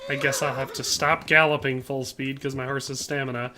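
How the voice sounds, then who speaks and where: Over background noise, a man with a medium-pitched, level voice streams a game at a moderate pace. He keeps it casual, reading viewer comments and answering with joking asides.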